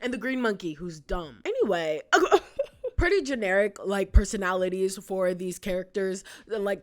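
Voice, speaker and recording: A woman chats her way through a cartoon review in a relaxed, off-the-cuff voice of middling pitch. She rambles, piles up filler words and restarts, and often laughs at herself. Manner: chatty, rambling, many "like" fillers, frequent laughs. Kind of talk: casual retrospective commentary.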